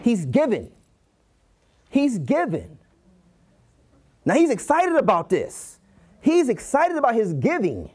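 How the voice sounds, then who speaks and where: A man's voice: very high voice, wildly swooping pitch, slow pace, long pauses, darkish tone, husky. A man with a Detroit accent preaching a sermon, repeating key phrases and acting out quoted voices. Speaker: pastor.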